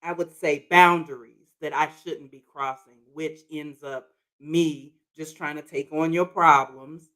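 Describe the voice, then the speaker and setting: Lively podcast co-host who laughs easily. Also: medium pitch, a little slow, low-quality recording. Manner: lively, laughs often, affirms with "that's right". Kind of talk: casual conversational talk.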